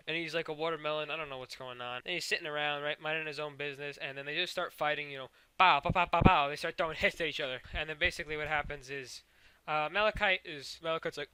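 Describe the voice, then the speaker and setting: A man's voice: on the high side, sharp tone, clean tone, no room sound. A man recapping cartoon episodes in a rambling, profane way, full of fillers and sound effects. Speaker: show recapper.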